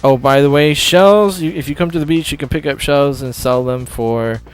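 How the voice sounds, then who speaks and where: A man's voice: fairly high pitch, normal speed, smooth. Offhand man commenting on a game. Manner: offhand, self-correcting. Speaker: gameplay commentator. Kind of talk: casual game demo commentary. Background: faint game music.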